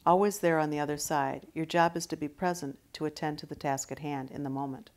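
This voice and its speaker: A woman voicing a wise bird messenger in a gentle, guiding, unhurried manner. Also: deep voice, fairly even intonation.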